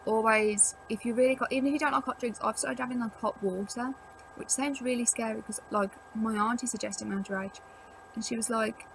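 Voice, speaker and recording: A woman's voice: fairly high pitch, fairly even intonation, fairly quick, gravelly, slight background noise, poor audio. A young woman chatting casually to camera at home, rambling with lots of "like" as she gives tips. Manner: rambling, chatty, filler-heavy with frequent "like". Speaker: vlogger. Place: at home indoors.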